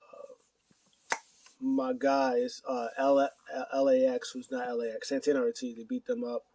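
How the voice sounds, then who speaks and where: A man's voice: medium pitch, darkish tone, no room sound, far from the mic. A man casually recapping wrestling news to his camera, rambling with many fillers and acting out quotes. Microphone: camera mic.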